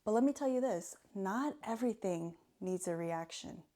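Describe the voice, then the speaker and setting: A young woman, a student of mental health, giving earnest self-help advice to camera in a calm, measured way. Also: medium pitch.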